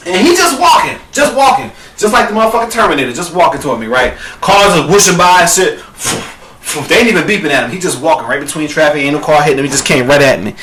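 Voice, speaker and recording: A young man with a bright, ringing voice tells a wild story at full drama, cursing freely and talking straight to his viewers. He flares into shouts at the big moments. He sits back from the mic in an echoey room, a faint hum behind him. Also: a little high, animated, fast, recorded from a distance. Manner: profane, dramatic, addresses viewers as girl; bursts into shouting at peaks. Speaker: vlogger. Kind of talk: animated storytelling rant.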